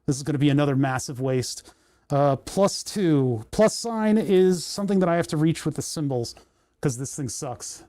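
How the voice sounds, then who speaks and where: A man's voice: a little high, expressive, normal speed, warm tone, no room sound. A man hosting a casual livestream from his home workshop, rambling and talking to himself as he works through menus on a desk mic. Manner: rambling, talks to himself while fiddling with menus. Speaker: livestream host. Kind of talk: casual livestream chat while working. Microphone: desk microphone.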